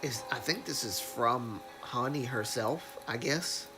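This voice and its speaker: A young man with a cold hosts a casual livestream, sniffling and congested as he slowly reads news aloud. His mid-range voice stumbles into frequent restarts and self-corrections, and music plays in the background.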